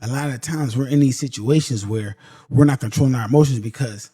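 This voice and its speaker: This man hosts a podcast and motivates his listeners in a casual, direct way, addressing them as "y'all" and repeating things for emphasis. His medium pitch comes across brisk, warm and husky. It's a dry recording of studio quality.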